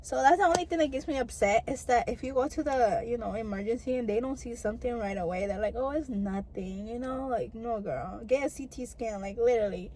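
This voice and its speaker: A young woman talks to her camera in a loose, chatty storytime manner. Her voice sits a little high, and she sprinkles "like" and "girl" through her sentences as she goes. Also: fairly quick, hardly any pauses, warm tone, a little hiss or hum, poor audio. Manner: chatty, lots of "like" and "girl" fillers. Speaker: vlogger. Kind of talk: casual storytime chat to camera.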